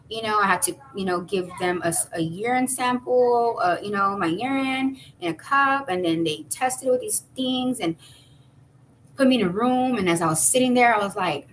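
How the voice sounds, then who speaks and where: A woman's voice: moderate pace, fairly bright tone, a little hiss or hum, poor audio. A woman in her thirties telling a personal story casually, rambling with fillers and restarts. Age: 30s. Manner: acts out quoted voices with high jumps. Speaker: vlogger.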